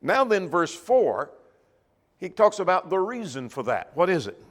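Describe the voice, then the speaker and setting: A man's voice: high voice, big pitch swings, measured pace. Man teaching a Bible class in a reverberant church room. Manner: conversational, asks the class questions.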